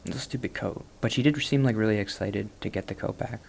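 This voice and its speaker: A man's voice: lowish voice, fast talker, creaky, darkish tone, a little hiss or hum. A man chatting casually while he plays, rambling and self-deprecating. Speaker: gaming vlogger.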